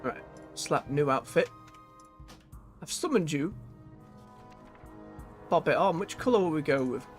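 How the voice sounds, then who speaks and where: A man's voice: on the high side, lively intonation, a little slow, pauses often, faint music behind. A man chatting casually as he plays a video game on stream, thinking aloud and correcting himself.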